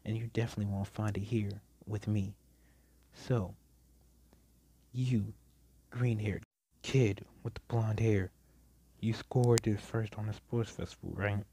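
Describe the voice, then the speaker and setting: A curt, dismissive teacher who is sleepy, stern and has no patience for complaints, as a man puts him on while telling a story. The voice sits fairly low and mellow, close to an everyday speaking voice. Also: steady tone, a little slow, pauses often, slight background noise. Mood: blunt. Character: stern, sleepy, blunt adult male teacher.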